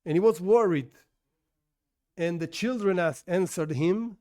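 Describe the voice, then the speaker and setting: A rabbi teaching an informal religious class, talking conversationally with rhetorical questions and frequent restarts, as a non-native English speaker. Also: male voice, high voice, lively intonation, moderate pace, dark tone. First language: not English.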